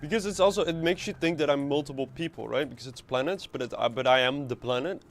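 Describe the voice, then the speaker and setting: A man's voice: a little high, quick pace. Guy streaming a game, rambly and joking around, swears a bit. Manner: rambling, playful, swears casually. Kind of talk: casual live game stream chat.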